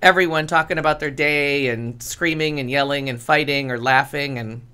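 Animated storytelling man in casual chat. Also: fairly high pitch, moderate pace, clean tone. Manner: animated storyteller, swears freely, laughs often. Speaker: podcast co-host.

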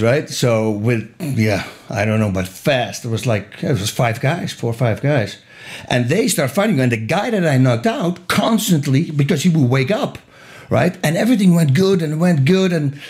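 A middle-aged man telling a wild personal story in a casual interview, animated and laughing often, with quick restarts. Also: fairly high pitch.

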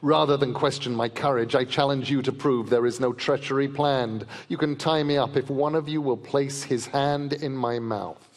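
A man's voice: medium pitch, fairly even intonation, moderate pace, few pauses, lightly acted. A man reading aloud and voicing a huge, proud male wolf who is suspicious and scornful, speaking in a growling, defiant way. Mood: challenging. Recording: long reverb of a large festival hall.

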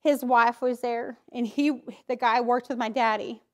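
High-voiced woman giving candid testimony. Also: steady tone, unhurried. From Idaho, US. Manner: candid, emotional storytelling with acted inner voices. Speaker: church speaker giving testimony. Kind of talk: personal testimony talk.

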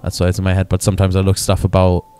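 A man's voice: low voice, monotone, very fast, dark tone, soft background music. A man in his twenties, a guest on a casual podcast, talking in a laid-back, sardonic way and swearing freely. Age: 20s. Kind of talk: casual chat.

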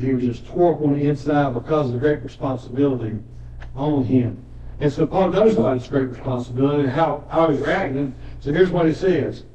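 A man's voice: fairly high pitch, warm tone, a little hiss or hum. A man preaching a sermon as a pastor, telling stories in a folksy way, with joking asides and repeated words. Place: church sanctuary. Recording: dull echoey church recording from a distance.

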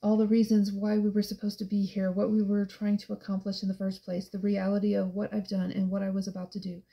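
A woman reading a first-person novel aloud as an audiobook narrator, in a hushed, tense and emotional way. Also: medium pitch, completely flat delivery, quick pace, muffled recording.

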